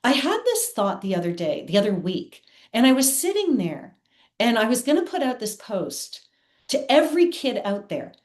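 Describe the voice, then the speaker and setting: Earnest woman, lively voice, echoey room. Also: a little high, normal speed. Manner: earnest, heartfelt, spiritual. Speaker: guest, theatre producer. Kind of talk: candid personal storytelling. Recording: roomy echo.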